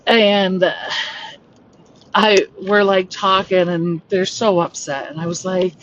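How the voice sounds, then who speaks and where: A woman's voice: mid-range voice, slow. Rambling woman storyteller, slightly distant mic. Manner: rambling, animated, heavy use of "like". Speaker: podcast host. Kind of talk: casual storytelling monologue. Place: home on a rural homestead. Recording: distant, dull lo-fi mic with faint noise.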